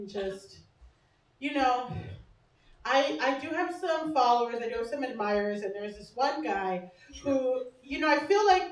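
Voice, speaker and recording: On a small comedy bar stage, a young host with a high, animated voice does an unhurried stand-up set. She mocks herself brashly, curses freely, and laughs often, and the echoey club recording catches her mic from a distance.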